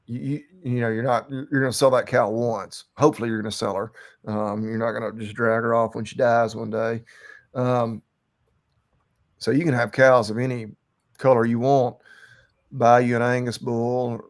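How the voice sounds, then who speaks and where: A man co-hosting a podcast, a cattle rancher in casual chat, relaxed and rambling with lots of fillers and restarts. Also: medium pitch, normal speed.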